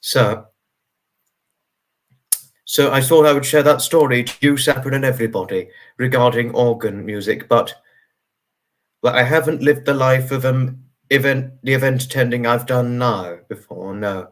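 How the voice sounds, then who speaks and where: A man's voice: medium pitch, moderate pace. Tired man chatting on a livestream. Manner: earnest and reassuring, rambling with many fillers. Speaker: livestream host. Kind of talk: casual livestream chat, answering viewer comments.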